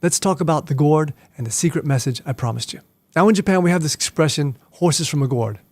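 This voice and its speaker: A man's voice: on the high side, animated, quick pace, a little mellow, dry recording. A middle-aged man, a martial arts instructor, explaining things in a casual, playful way with joking asides.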